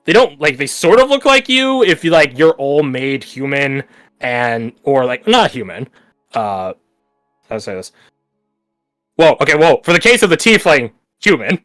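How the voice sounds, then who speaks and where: A hesitant man running a tabletop game, his voice a little higher than most men's and rising and falling a lot as he gropes for the right words. The sound is close and dry, with faint music underneath. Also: expressive, moderate pace, fairly bright tone, no room sound. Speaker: game master.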